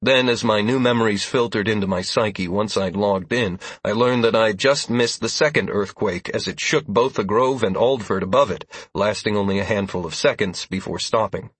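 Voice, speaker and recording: A man narrating a first-person fantasy audiobook in a measured, even storytelling manner, with a husky voice. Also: on the low side, no room sound.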